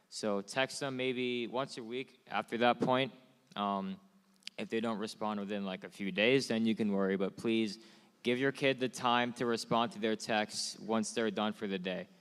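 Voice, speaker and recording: A man's voice: fairly low pitch, steady tone, normal speed, clear, resonant tone. A young man student on a panel, easygoing and joking, with lots of "like.". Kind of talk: casual panel talk. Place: performing arts hall. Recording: long hall reverb.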